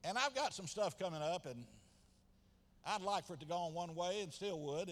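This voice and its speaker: A man, preaching a sermon as pastor, swinging from quiet asides to loud shouted passages. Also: medium pitch. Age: 70s. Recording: long hall reverb.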